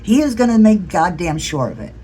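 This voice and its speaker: A woman's voice: lowish voice, expressive, brisk, warm tone, slightly rough, poor audio. A woman from the United States talking in an impassioned political vlog, blunt and earnest, swearing freely. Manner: earnest, pleading. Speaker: political vlogger.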